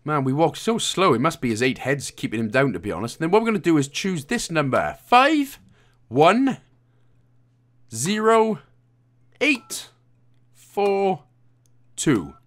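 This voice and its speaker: A man's voice: a little high, big pitch swings, measured pace, pauses often, a bit bright. A man from Wales, hosting a casual game walkthrough with jokey, rambling, self-mocking asides. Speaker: video game walkthrough host.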